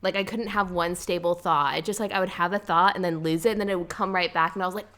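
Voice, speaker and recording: A young woman spins a funny personal tale in relaxed podcast chat. Her voice is bright and forceful, and she throws herself into quoting her past self with big animated bursts. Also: fairly low pitch, fast. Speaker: podcast guest, sister of co-host. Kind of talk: casual storytelling.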